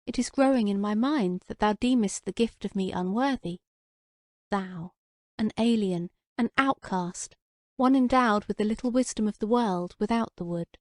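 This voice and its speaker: A woman voicing a proud, commanding enchantress who speaks softly and caressingly in a storybook. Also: medium pitch, normal speed, no echo, clean studio sound, natural voice. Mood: wrathful. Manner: soft and caressing, turning to scorn.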